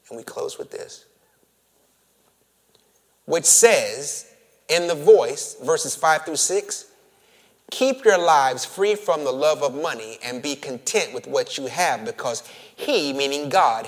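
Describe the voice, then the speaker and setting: A man preaching a sermon, moving from hushed, whispered lines to loud, emphatic calls, stretching words for emphasis and calling his listeners family. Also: fairly high pitch. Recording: long reverb of a large hall.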